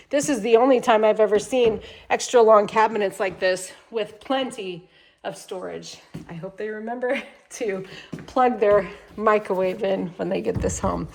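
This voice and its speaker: A woman hosting a casual home tour vlog as a salesperson, upbeat, chatty and enthusiastic, a little congested from a cold. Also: fairly high pitch. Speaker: manufactured home salesperson and channel host.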